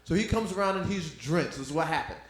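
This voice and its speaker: A man performs a stand-up set with a high, lively voice that swoops around as he acts out the people in his stories. He is heard in an echoey room. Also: fast. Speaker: stand-up comedian. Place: club room with audience.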